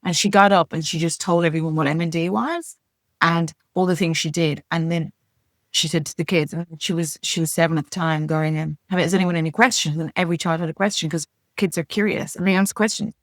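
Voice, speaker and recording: A middle-aged woman telling her story as a podcast guest, frank and earnest, with blunt language and quick restarts. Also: deep voice, fairly even intonation, no room sound, clean studio sound. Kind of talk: candid conversational storytelling.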